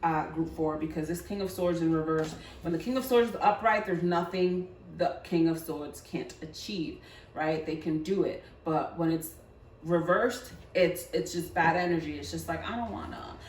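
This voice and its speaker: A woman with a fairly low voice talks through a tarot reading in a chatty, coaxing way, stumbling over repeated words and tagging "right?" onto her points. She sits some way from the mic in an echoey room. Faint background noise runs under her voice. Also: moderate pace, a little mellow, distant mic. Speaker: tarot reader. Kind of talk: pick-a-card tarot reading.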